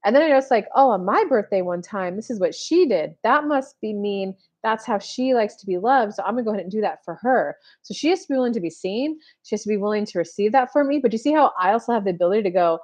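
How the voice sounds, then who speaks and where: A woman's voice: medium pitch, darkish tone. A woman in her thirties giving a casual live-stream tarot reading, chatty, full of "like", acting out little made-up dialogues as she talks. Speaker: tarot reader.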